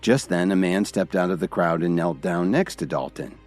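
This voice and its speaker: A man's voice: low voice, moderate pace, darkish tone, faint music behind. A man narrating a dramatic story in scripted style, voicing every character himself. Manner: dramatic storytelling, all voices by one reader.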